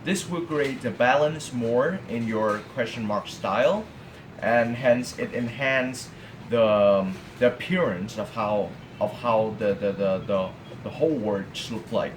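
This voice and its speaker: A young man whose first language is Vietnamese teaches brush calligraphy in a casual tutorial, halting often with fillers and restarts. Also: mid-range voice, reverberant, a little hiss or hum. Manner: halting, many fillers and restarts, friendly asides. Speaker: calligraphy instructor. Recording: tinny phone-like audio.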